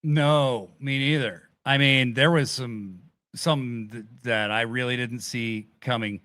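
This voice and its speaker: A man hosting a casual wrestling review chat, animated and swearing casually as he retells events. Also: mid-range voice, takes it slowly, no echo. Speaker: podcast host.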